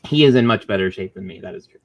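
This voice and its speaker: A man's voice: lowish voice, animated, fast, lo-fi sound. A man co-hosting a casual movie podcast, talking loosely with lots of "like" fillers. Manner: loose, filler-heavy, says "like" a lot. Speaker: podcast co-host.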